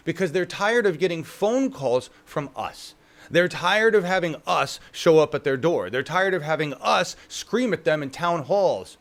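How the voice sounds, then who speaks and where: A man's voice: fairly high pitch, a bit bright. A man co-hosting a casual political talk show, profane and mocking, often acting out the people he talks about. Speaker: co-host.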